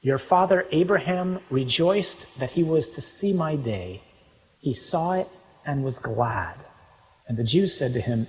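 A man preaching a sermon, reading scripture aloud and explaining it, moving between quiet reading and loud emphasis. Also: fairly high pitch, lively intonation, a little slow. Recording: long reverb from a large hall.

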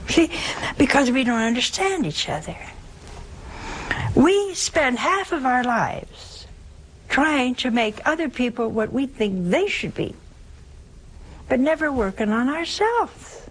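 A woman preaching at a slow, deliberate pace, earnest and storytelling, often posing rhetorical questions. Her voice sits at an ordinary middle pitch, with a faint hum of the room behind her. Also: big pitch swings, poor audio. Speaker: nun preaching. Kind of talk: sermon.

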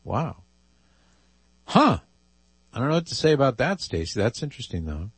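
A man's voice: mid-range voice, very animated, moderate pace, slightly rough, no room sound. A man hosting a radio talk show, chatting wryly and reading listener emails aloud.

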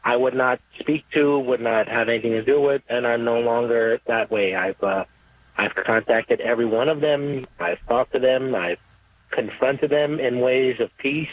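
A man calling in to a radio show, earnest and halting, often repeating himself as he speaks. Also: medium pitch. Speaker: caller. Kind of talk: emotional call-in testimony. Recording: tinny phone line.

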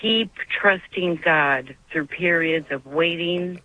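A woman's voice: low voice, fairly even intonation, a little slow, sharp tone. A woman calling in to a radio show, talking in an earnest, emotional, devout way. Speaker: caller. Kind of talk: call-in radio conversation. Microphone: phone. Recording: dull dry phone line.

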